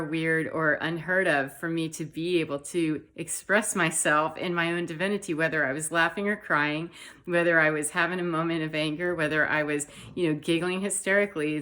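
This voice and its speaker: Heartfelt rambling woman, low-pitched. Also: fairly bright tone. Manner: heartfelt, rambling, frequent "you know" fillers. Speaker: spiritual vlogger. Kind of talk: emotional personal monologue.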